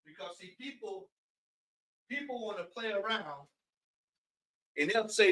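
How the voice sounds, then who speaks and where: A man hosting a casual late-night fan livestream, reading aloud and talking to his chat in an animated way. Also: sits high, unhurried, pauses often, no room sound. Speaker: fan channel host.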